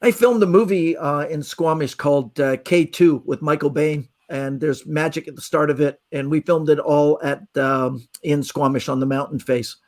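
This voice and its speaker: Middle-aged Canadian man, high register, lively anecdote-teller, podcast chat. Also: normal speed, few pauses. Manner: animated storyteller acting out quoted voices. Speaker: magician guest. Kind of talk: casual storytelling on a podcast.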